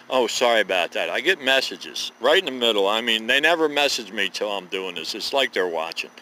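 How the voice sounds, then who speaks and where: A man's voice: medium pitch, sing-song, brisk, hardly any pauses, sharp tone, a little hiss or hum, poor audio. A man in his fifties giving a rambling, profane, folksy monologue to camera as a vlogger. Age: 50s.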